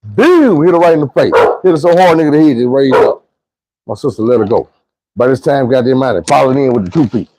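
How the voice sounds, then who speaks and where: A man's voice: mid-range voice, quick pace, dark tone, poor audio. A man telling a story in a casual, profane, slangy monologue, rambling loosely with frequent restarts.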